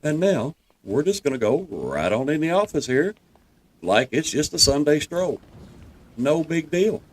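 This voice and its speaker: A man's voice: a little high, big pitch swings, a little slow. A man with a Southern US accent giving a folksy, reassuring walkthrough commentary over gameplay, talking viewers through each step. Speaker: gameplay guide.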